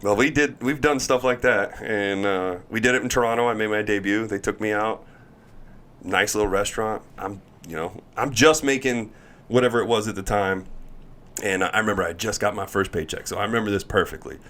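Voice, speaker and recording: A man, a pro baseball pitcher, telling a story in casual chat and acting out the voices of the people in it. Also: a little fast. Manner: animated, acts out quoted voices, laughs while telling. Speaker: guest, MLB pitcher.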